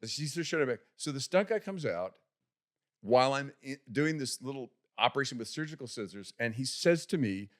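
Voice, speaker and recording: Lively man telling a comic story. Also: medium pitch, normal speed. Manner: animated storyteller who acts out the voices in his story; restarts and repeats words often. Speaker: podcast guest. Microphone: podcast studio microphone.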